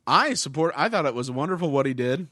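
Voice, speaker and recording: A man's voice: on the high side, expressive, fast talker, sharp tone, no echo. A male podcast co-host explaining politics in a casual chat, with dry humor. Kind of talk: casual discussion.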